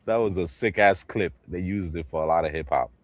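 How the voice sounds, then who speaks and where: A man hosting a livestream in casual chat, animated, laughing often and swearing freely as he acts out movie lines. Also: low-pitched, brisk, no echo. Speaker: livestream host.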